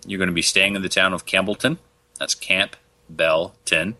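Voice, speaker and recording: Deep bright-toned man, chatty podcast host. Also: quick pace, no echo. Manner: relaxed, chatty, laughs easily. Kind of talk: casual podcast chat.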